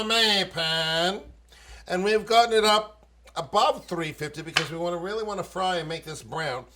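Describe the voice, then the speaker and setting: A man's voice: high-pitched, bright, forceful tone. A man with a Maine accent hosting a home cooking show, talking fussily to children and breaking into old-fashioned exclamations. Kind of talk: playful cooking demonstration for children. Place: home kitchen.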